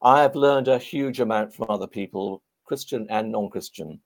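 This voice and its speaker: Animated man with a gravelly voice. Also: on the low side, moderate pace. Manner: animated, anecdotal. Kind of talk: storytelling in a podcast interview.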